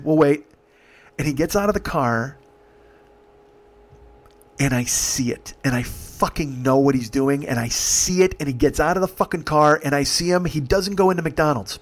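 A man telling a comic story in an exasperated, heavily profane way. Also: fairly high pitch. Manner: exasperated, heavy swearing. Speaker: comedic storyteller.

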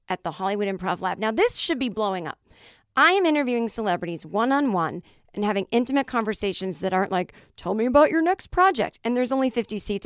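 A woman hosting her own podcast in a solo monologue, cranky and animated, swearing freely as she plugs her shows, her voice not fully recovered, on a close studio mic. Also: medium pitch, clear, resonant tone, no echo. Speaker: podcast host and comedian.

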